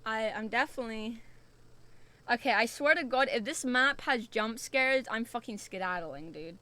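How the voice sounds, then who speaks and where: A woman's voice: on the high side, moderate pace, sharp tone. A young woman from the UK streaming a spooky VR game, chatty and jumpy, swearing often as she reacts. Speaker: VTuber streamer.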